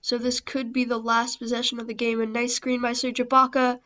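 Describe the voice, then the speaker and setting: A woman talks through her basketball video game in casual play-by-play. Her voice sits a little high but stays flat and even, with little rise or fall. The recording is dull and lo-fi, like a home voice-over. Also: a little fast. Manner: steady, understated play-by-play with self-deprecating asides. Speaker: gaming channel host.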